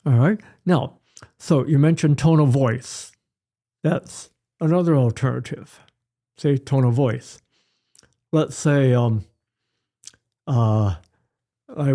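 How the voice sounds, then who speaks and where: Older male pediatrician guest; relaxed, drawn-out delivery, mellow voice, acts out examples. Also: medium pitch. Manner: unhurried, storytelling, acts out examples. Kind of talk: advice-giving interview chat.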